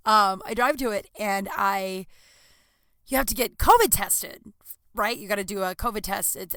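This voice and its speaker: A woman's voice: mid-range voice, no echo. A young adult woman hosting a casual solo podcast, rambling and swearing freely as she tells stories. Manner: rambling, profane, animated storytelling with frequent laughs. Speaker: podcast host.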